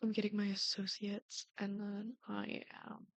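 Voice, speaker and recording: A woman's voice: medium pitch, completely flat delivery, measured pace, creaky, no room sound. A young woman YouTuber chatting casually over gameplay, rambling with frequent ums. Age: young adult. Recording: dull lo-fi dry sound.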